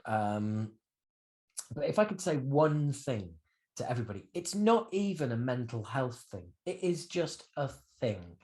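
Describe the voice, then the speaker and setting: A man in his fifties talks as an interview guest, with his pitch leaping up and down as he tells stories. He swears casually and punches some words hard. His middle-range voice stays animated throughout. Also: measured pace. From United Kingdom. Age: 50s. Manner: animated storyteller with swings in pitch and loudness, swears freely. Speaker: guest musician. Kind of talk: candid interview conversation.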